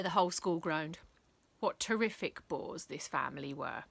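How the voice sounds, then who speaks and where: A woman reading a bedtime story aloud, playful and expressive, switching into character voices. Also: fairly low pitch, moderate pace, no echo.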